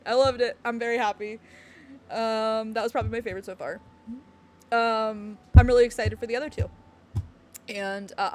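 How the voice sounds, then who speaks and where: A woman's voice: fairly high pitch, a bit bright. A woman streamer chatting casually on a live stream, bubbly and giggly, rambling with lots of fillers. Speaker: game streamer.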